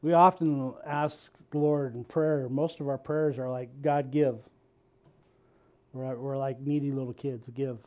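A man's voice: mid-range voice, steady tone, normal speed, hardly any pauses, phone-quality sound. A male pastor preaching a sermon in a conversational, joking way, laughing at himself now and then.

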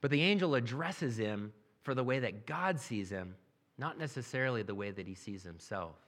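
Reading a passage of scripture and then unpacking it in everyday language, this pastor speaks at a moderate pace. His mid-range voice has lively intonation and a fairly bright tone.

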